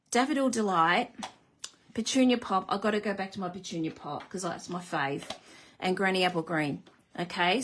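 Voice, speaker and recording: A woman's voice: medium pitch, a bit bright, slight background noise. A woman hosting a live card-making demonstration, chatty and self-deprecating, greeting viewers as she works. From Australia.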